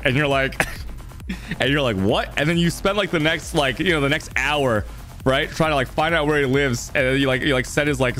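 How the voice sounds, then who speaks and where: A young male streamer talks loosely to his chat, his pitch jumping all over the place as he rambles and laughs through his points. Faint music plays underneath his voice. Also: a bit bright. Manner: rambling, laughing, filler-heavy talk. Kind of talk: casual live-stream chat.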